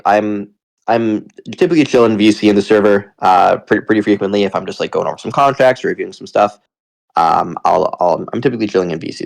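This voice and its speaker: A man from Canada hosts a laid-back online town hall, his voice low and gravelly with a touch of fry. He rambles a bit, cracks jokes and keeps things friendly and loose, speaking into a home computer mic. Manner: relaxed, rambling, jokey. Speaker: host of a community town hall. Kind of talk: casual live audio chat.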